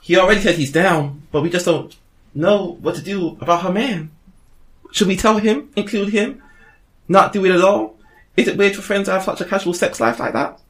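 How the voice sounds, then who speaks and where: A man's voice: high-pitched, normal speed. A man hosting a casual group chat, reading out listener questions with stumbles and restarts. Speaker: podcast host.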